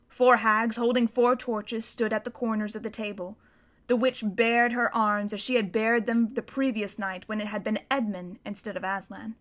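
Expressive, bright-voiced woman storyteller. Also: fairly high pitch. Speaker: narrator. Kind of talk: audiobook reading of a children's story.

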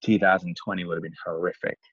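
Low-voiced English man, rambling chat. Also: flat delivery, quick pace, fairly bright tone, husky, dry recording, dull audio. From England. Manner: rambling, repeats himself, many restarts and fillers. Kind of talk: casual chat over a call.

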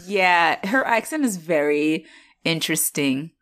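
A woman's voice: low voice, animated, a little slow, fairly bright tone. A woman co-hosting a casual rewatch podcast, talking bluntly and animatedly and laughing often. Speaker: podcast co-host.

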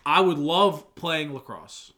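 A man co-hosts a laid-back podcast in a fairly high, bright voice. He argues his picks in an animated way and now and then raises his voice in loud protest. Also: takes it slowly. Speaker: podcast co-host. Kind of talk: casual chat.

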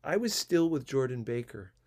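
Dude reading an old novel, calm measured narration, kinda gravelly. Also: male voice, mid-range voice. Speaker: audiobook narrator. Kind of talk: literary audiobook reading.

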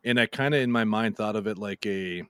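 A man's voice: fairly low pitch, brisk, fairly bright tone, clean tone, no echo, clean studio sound. A man with a Minnesotan accent, a guest on a podcast, talking in an easygoing way and laughing often. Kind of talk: casual podcast chat.

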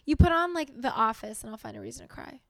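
Woman podcast co-host, high voice with vocal fry, dry close mic, emotional and chatty. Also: fast talker, no room sound. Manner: animated, emotional, laughs often. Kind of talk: casual chat.

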